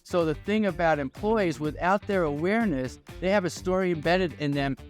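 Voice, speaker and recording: A man's voice: sits high, moderate pace, faint music behind. A man in his sixties with a New York accent, telling stories and asking rhetorical questions as a podcast guest. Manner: energetic, storytelling, rhetorical questions. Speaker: guest, employment attorney. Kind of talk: podcast interview.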